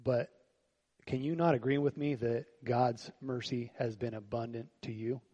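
A pastor preaching a sermon at a church service in a conversational way. He keeps asking the congregation rhetorical questions and swings between quiet, reflective lines and louder, animated bursts. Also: mid-range voice, normal speed, husky, muffled recording.

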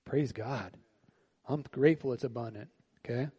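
A man preaching to his congregation in a relaxed, talky way, tossing out rhetorical questions as he goes. His voice is husky and warm, with a mid-range pitch. He drops to quiet reflection, then lifts into louder, lively stretches. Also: moderate pace, highs cut off. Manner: shifts between quiet reflective lines and louder animated bursts. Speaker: pastor. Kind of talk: sermon. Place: church service.

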